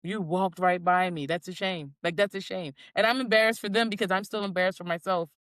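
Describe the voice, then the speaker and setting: A woman's voice: fairly low pitch, a little fast, no echo. A woman co-hosting a podcast in casual chat, telling stories animatedly and acting out quotes in changing voices. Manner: animated storyteller, acts out quotes in shifting voices. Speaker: podcast co-host.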